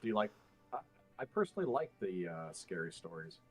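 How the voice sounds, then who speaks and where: Deep voiced guy guesting on a podcast, thinks out loud with lots of uhs. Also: very animated, brisk, slightly rough, soft background music. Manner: thoughtful, many fillers. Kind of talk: casual podcast chat.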